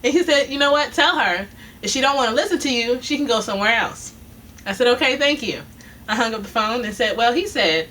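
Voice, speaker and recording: A woman tells a story in a casual, animated way, putting on both voices of a spat and breaking into laughs. Her voice is bright and a little high. She sits back from the mic, with a faint hiss behind her. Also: moderate pace. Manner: animated, quoting both sides, laughing often. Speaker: vlogger telling a work story. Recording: distant mic with faint noise.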